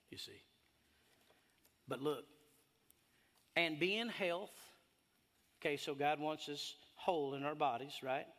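Male pastor, higher voice, preaching in an echoing church hall; animated, rising to loud high emphasis. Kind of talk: sermon. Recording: long hall reverb.

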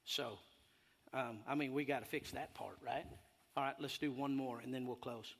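A man preaching a sermon as pastor, his voice climbing high and loud when he presses a point. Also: moderate pace, gravelly. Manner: animated preaching, voice rising high and loud on emphasis. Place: church hall. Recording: long hall reverb.

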